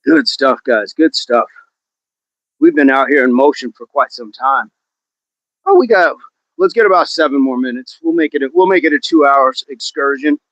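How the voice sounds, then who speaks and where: A man's voice: medium pitch, moderate pace, fairly bright tone, dry recording, dull audio. A man hosting a casual fitness livestream outdoors, upbeat, reading out viewer comments and joking around while he exercises. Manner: upbeat, reads viewer comments aloud and jokes about accents. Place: outdoors in wind.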